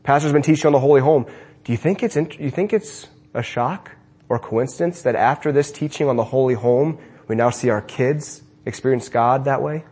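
A man giving a sermon to his congregation in a church, preaching with animated swings between emphatic and hushed lines. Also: medium pitch, moderate pace, slightly rough. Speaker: pastor. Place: church sanctuary.

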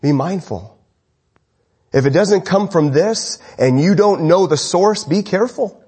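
Male preacher, somewhat high and husky, impassioned sermon delivery. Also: lively intonation, unhurried. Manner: impassioned, swings between raised urgent lines and low quiet ones. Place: church congregation, evening service.

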